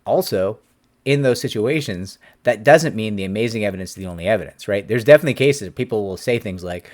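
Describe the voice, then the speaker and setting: A man in his forties, an employment attorney, answering a viewer's question in a casual, animated talk to camera. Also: on the low side, quick pace. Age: 40s. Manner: animated, conversational, acts out quotes.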